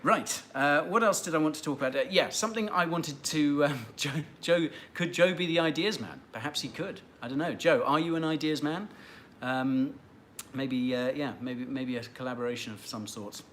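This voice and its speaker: This man's fairly high, somewhat bright voice moves at normal speed, with a little hiss or hum in the recording. On his casual livestream he answers viewer questions chattily and ramblingly, full of fillers and restarts, with light teasing of regulars.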